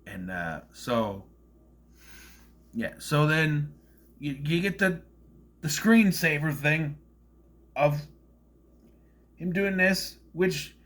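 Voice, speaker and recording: Animated, bright-voiced man rambling a review. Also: a little high. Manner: rambling, acts out quotes in silly voices. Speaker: movie reviewer. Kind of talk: casual film review monologue.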